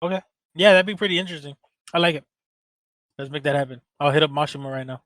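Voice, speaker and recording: A man co-hosting a casual podcast in a joking, slangy, laid-back way, with a bit of swearing. His voice is fairly high and very bright and forceful. It sounds dry and close, with almost no room around it. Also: quick pace, no room sound. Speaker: podcast co-host. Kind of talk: casual chat.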